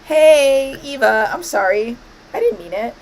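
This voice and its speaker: A woman's voice: high voice, lively intonation, a little slow, low-quality recording. A woman streaming a life-sim game, commenting playfully and bossing her characters around. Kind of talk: live gameplay commentary.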